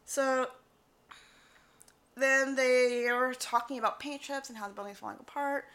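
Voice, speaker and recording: Animated bright-voiced woman podcaster. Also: high voice, a little slow. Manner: animated storytelling, quotes others in voices. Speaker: podcast co-host. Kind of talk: casual chat.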